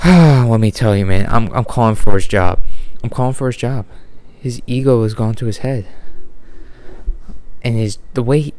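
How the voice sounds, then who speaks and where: A frustrated man rants at home late at night in a smooth, clean-toned voice. He rambles and keeps cutting himself off to start over, with his pitch sitting mid-range for a man. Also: moderate pace, pauses often, darkish tone, no room sound. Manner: frustrated, rambling, restarts often. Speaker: sports vlogger. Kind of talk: unscripted rant.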